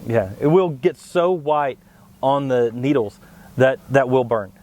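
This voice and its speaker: Guy calmly breaking down japanese maple varieties, mid-pitch voice. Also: a little slow. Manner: steady, explanatory, plant-expert tone. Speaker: co-host of plant show. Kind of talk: informative product talk.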